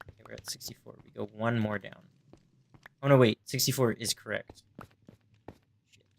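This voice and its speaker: A man's voice: mid-range voice, steady tone, measured pace, vocal fry. A young man livestreaming a game, chatting to his viewers and rambling through stories where he acts out the people he quotes. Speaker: gaming livestreamer. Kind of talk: casual chat while gaming.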